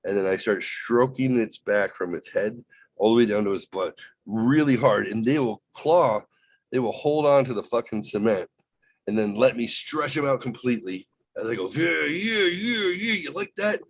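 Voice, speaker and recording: A man hosting a podcast, telling a rambling, profane, animated story in casual chat. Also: fairly low pitch, normal speed, rough recording. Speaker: podcast host.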